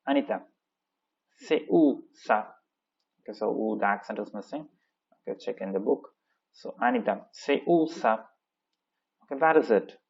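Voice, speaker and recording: A man teaching a French lesson, reading textbook lines slowly and translating each one with many "okay, so" fillers. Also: fairly low pitch, lively intonation, vocal fry, slightly rough, dull audio. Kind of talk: classroom lesson explaining a textbook dialogue.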